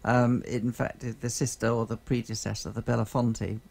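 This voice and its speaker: A man's voice: mid-range voice, level tone, gravelly. Rambling man streaming a space game. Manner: rambling, halting, with many fillers and restarts. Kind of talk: casual gameplay chat. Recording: noisy game sound behind the voice.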